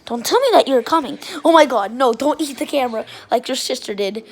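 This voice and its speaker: A woman chatting excitedly while filming her playful puppies, often gasping and exclaiming. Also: high-pitched, a little fast. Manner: excitable, shrieks and gasps, keeps exclaiming. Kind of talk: casual excited commentary.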